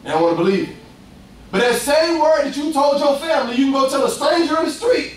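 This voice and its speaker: A young man preaching a lively, conversational sermon, acting out voices and laughing often. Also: very high voice, quick pace, a little hiss or hum. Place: church. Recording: echoey distant room sound.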